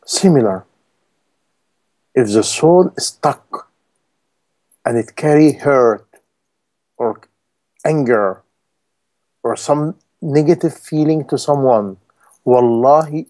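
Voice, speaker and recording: A man's voice: medium pitch, slow, pauses often, mellow. A man preaching a sermon in non-native English, emphatic and full of rhetorical questions to his listeners.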